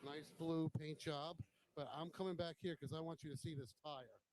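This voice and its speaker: A man's voice: fairly high pitch, steady tone, normal speed, a little mellow, low-quality recording. A man hosting a motorcycle vlog, walking around a bike show with a handheld camera and giving casual, admiring commentary on each bike, now and then swearing bluntly. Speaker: motovlog host.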